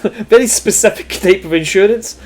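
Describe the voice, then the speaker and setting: A man narrating as game master of a tabletop role-playing game, talking in a relaxed, rambling way with lots of fillers. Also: high voice, fairly quick. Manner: laid-back, rambling, with many fillers and laughs.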